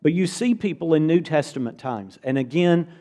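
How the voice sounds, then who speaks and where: A man's voice: on the high side, expressive, moderate pace, dark tone. Earnest man preaching a sermon. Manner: earnest, conversational preaching with repeated emphasis.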